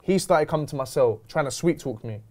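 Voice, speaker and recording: A young male host rushes through a casual storytelling chat, his slightly high pitch swinging widely. Slangy and animated, he retells events with quoted dialogue, acting out the other people involved.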